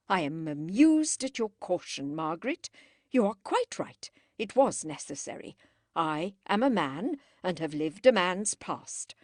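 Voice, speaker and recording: A woman voicing a stern, proud Edwardian gentleman who speaks in a clipped, cold and biting way. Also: lowish voice, no room sound, clean studio sound.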